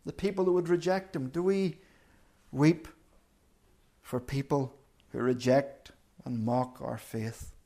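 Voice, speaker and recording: A man preaching a sermon in an earnest, deliberate way, repeating key phrases for emphasis. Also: medium pitch, steady tone, warm tone. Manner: earnest, emphatic repetition with slow deliberate pauses.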